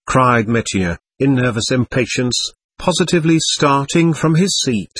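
A man narrating a classic novel as an audiobook, in a measured, expressive reading. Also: mid-range voice, slightly rough, dry recording.

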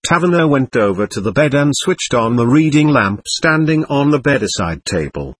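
A male audiobook narrator reads in the first person with expressive storytelling. His voice is husky and moves widely in pitch. The recording is close and dry. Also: moderate pace, dry recording.

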